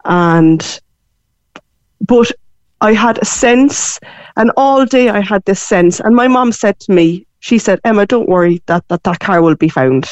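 A woman of forty with a Cork accent, chatting as a guest in a lively storytelling way. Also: medium pitch, unhurried, dry recording, highs cut off. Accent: Irish, Cork. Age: 40s. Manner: animated storytelling, voices her mum's lines. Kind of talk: casual phone interview.

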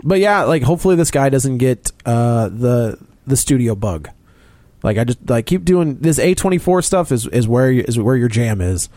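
A man in a casual podcast chat, rambling through a film recap with frequent restarts. His voice sits at a middle pitch and the sound is dry and close. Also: lively intonation, normal speed, warm tone, dry recording. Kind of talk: casual movie discussion.

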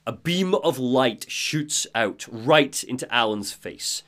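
A man co-hosting a podcast, recapping a game's story in an animated way, laughing often and acting out the characters' lines. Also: medium pitch, takes it slowly. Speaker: podcast co-host recapping a game.

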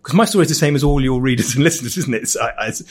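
A man rattles through family anecdotes at a rapid clip. He is wry and jokey, breaking off and restarting mid-sentence, and his pitch sits in a middling range. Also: expressive. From England. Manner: rambling, self-interrupting storyteller with frequent restarts. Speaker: podcast guest. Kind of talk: casual chat.

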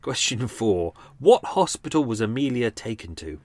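A man's voice: mid-range voice, big pitch swings, moderate pace, no echo. A man hosting a podcast, talking casually in a rambling, hesitant way with many restarts, then running a quiz. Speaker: podcast host.

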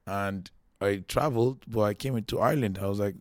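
A man in his thirties from Nigeria, a comedian guest telling his story in a casual, animated way with many restarts. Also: fairly low pitch, brisk, dry recording, studio quality. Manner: chatty and animated, restarts a lot, acts out quotes.

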